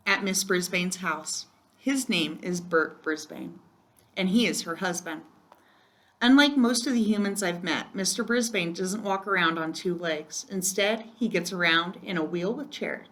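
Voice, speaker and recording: A woman's voice: medium pitch, measured pace. Woman reading a children's book aloud. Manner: gentle, storytelling, occasional slips. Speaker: reader.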